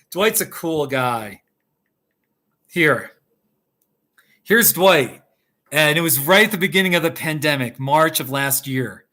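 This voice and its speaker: Chatty man, bright voice. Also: on the high side, very animated, takes it slowly, pauses often. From United States. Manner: rambling, chatty, laughs often. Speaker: YouTube host. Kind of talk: casual live-stream chat. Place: home kitchen.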